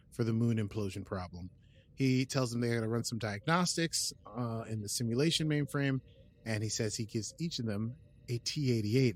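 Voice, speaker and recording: This is a man at a mid-range pitch, chatting his way through an episode recap on a podcast. He rambles, restarts and leans on filler words. Every so often he drops into brief quoted bits of the characters' lines before carrying on. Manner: plays out characters' lines in quick quoted asides. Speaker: podcast host.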